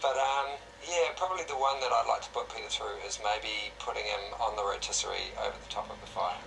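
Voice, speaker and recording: A man's voice: fairly low pitch, fairly even intonation, brisk, vocal fry, a bit bright. A man co-hosting a live stream, easygoing and reading out viewer questions. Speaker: co-host and actor. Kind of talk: casual live-stream chat. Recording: distant mic, faint noise.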